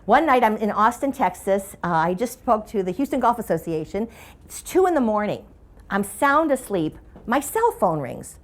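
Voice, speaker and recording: A woman's voice: mid-range voice, very animated, normal speed. A middle-aged woman giving a humorous keynote talk, telling stories in a playful, conversational way. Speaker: motivational speaker.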